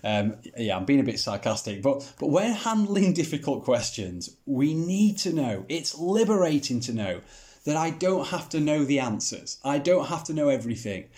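A man's voice: medium pitch, big pitch swings, moderate pace, a little mellow. A man giving a Bible teaching talk, asking rhetorical questions and using mildly sarcastic humor.

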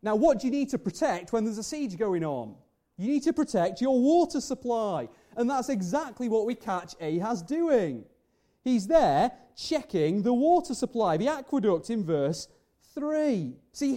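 Guy preaching, kinda high voice but mellow, asks lots of rhetorical questions. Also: very animated, unhurried. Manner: earnest, rhetorical questions, builds emphasis. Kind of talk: sermon.

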